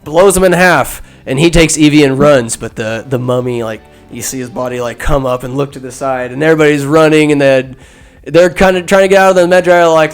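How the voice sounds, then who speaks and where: A man's voice: medium pitch, normal speed, soft background music. A man hosting a podcast, recapping a movie in a rambling, profane, jokey way. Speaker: podcast host. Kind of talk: casual comedic movie recap.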